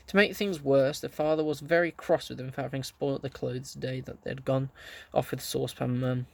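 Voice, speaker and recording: A man reading a children's story aloud, gently telling it and lightly voicing the characters. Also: medium pitch, fairly even intonation, fairly quick, vocal fry, few pauses, dry recording. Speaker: audiobook reader.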